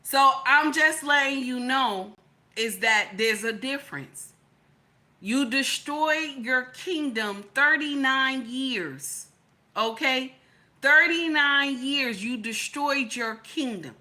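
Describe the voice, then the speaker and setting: A woman with a high, bright voice hosts a casual live stream and reads her viewers' comments aloud. She talks in a sassy, teasing, chatty way, and often breaks into loud laughing outbursts. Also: slow pace. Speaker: live stream host reading chat.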